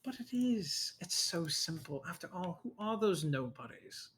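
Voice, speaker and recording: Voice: medium pitch, animated, unhurried, a bit bright, a little hiss or hum. A game master voicing a mocking, sadistic male villain who taunts the hero in a tabletop game, with a sing-song, sneering delivery. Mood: cruel. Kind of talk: tabletop role-play.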